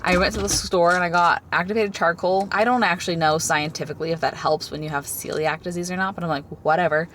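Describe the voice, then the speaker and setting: A woman's voice: on the low side, fast, hardly any pauses, slight background noise. A woman in her twenties with a light Southern American accent, telling stories in a casual, chatty vlog. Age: 20s. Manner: chatty, animated, lots of "like". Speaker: vlogger.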